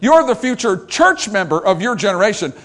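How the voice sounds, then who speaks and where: High, lively-voiced older preacher man. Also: a little fast. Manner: emphatic, repetitive preaching with rhetorical questions. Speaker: pastor. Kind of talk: sermon.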